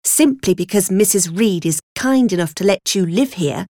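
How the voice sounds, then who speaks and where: A woman's voice: mid-range voice, animated, moderate pace, darkish tone, dry recording, studio quality, lightly acted. A woman reading as a stern, harsh servant woman. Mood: scolding. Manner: harsh, moralising. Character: stern adult female servant scolding a child.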